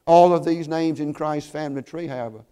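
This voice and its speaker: Guy preaching a sermon, earnest storyteller, kinda high mellow voice, slows way down to hit points. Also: steady tone, clean tone.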